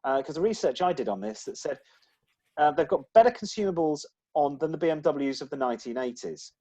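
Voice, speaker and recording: A man's voice: a little high, animated, a little fast, dark tone. A man co-hosting a casual podcast, talking in a chatty, rambling way with frequent restarts. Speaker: podcast co-host. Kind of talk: casual chat.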